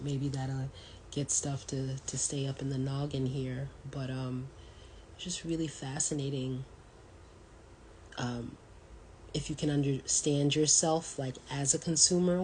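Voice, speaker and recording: A very low-voiced woman in her thirties hosts a solo podcast, thinking out loud in a loose, meandering way. She fills her pauses with ums and you-knows, and a faint hiss sits under the recording. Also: little pitch movement, poor audio. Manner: thoughtful and rambling, many ums and you-knows. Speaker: podcast host. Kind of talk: casual solo talk.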